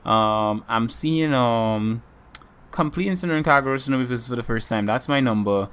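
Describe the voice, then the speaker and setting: A man's voice: medium pitch, normal speed, a bit bright, clean tone. A man co-hosting a casual gaming podcast, chatting in a rambling way with lots of ums. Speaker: podcast co-host.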